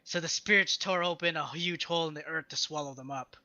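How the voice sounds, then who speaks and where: Man voicing a defiant bound captive, slow and solemn, bright tone, muffled lo-fi mic. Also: fairly high pitch.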